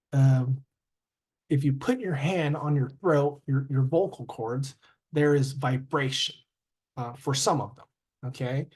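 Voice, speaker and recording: Guy teaching english grammar, real slow, lots of ums, sounds out endings. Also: medium pitch, a little mellow, husky. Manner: halting, with many ums and self-corrections; sounds out word endings slowly. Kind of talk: classroom grammar lesson.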